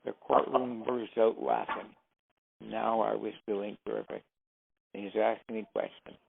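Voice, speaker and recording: An older man, an interview guest, telling stories in a lively way and acting out the dialogue as he goes. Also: lowish voice, a little slow, background noise. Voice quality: gravelly. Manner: lively storyteller who acts out the dialogue. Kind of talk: anecdotal storytelling. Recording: tinny, phone-like, dry sound.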